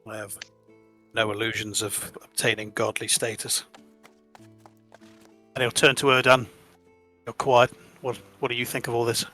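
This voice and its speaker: A man playing a tabletop game, narrating his character's actions in a halting way with many fillers. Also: medium pitch, monotone, sharp tone, soft background music. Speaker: player voicing Francis. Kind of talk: tabletop game play, casual.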